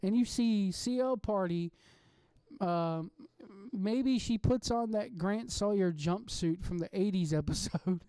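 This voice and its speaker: A podcast host giving a casual, rambling rant at home late at night, excitable and swearing freely. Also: mid-range voice, slow pace, clear, resonant tone, no room sound. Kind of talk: casual ranting monologue.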